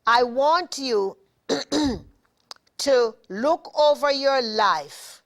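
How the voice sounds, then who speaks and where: Woman, Jamaican accent, talk show host, slow deliberate coaching, slightly high voice. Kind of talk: motivational talk show monologue. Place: studio.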